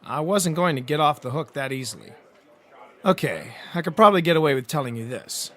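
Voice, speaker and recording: A man's voice: on the high side, sing-song, brisk, bright, forceful tone. A man narrating a first-person hard-boiled detective audiobook, with a wry storytelling delivery.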